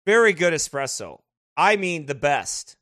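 A man telling casual stories over travel photos, animated and quick to laugh. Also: on the high side, no echo, studio quality. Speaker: vlogger showing travel photos. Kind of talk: casual storytelling.

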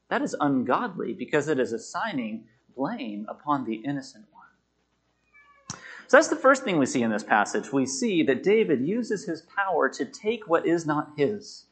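Male preacher, husky, lively pitch, emphatic sermon delivery. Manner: animated, emphatic, repeats key phrases.

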